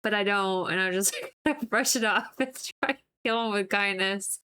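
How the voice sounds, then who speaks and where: A woman streamer talks loosely to her chat from a home setup. She rambles, fills her sentences with "like", and keeps dissolving into giggles. Her voice sits at an ordinary middle pitch and is picked up by a desk mic. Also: moderate pace, pushed and bright, smooth. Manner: rambling and giggly, with many "like" fillers. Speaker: livestreamer painting on stream. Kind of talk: casual chat with viewers.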